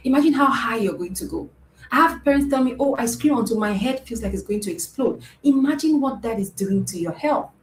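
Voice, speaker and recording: A woman's slightly high, somewhat mellow voice carries an earnest coaching session for parents, streamed live. She repeats points and leans on "right?" to check in. There's echo in the room and a faint background noise.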